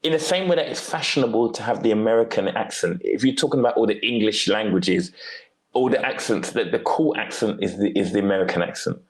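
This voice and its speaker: A man hosting a podcast, chatting casually in an animated, emphatic way. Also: lowish voice, quick pace, rough recording.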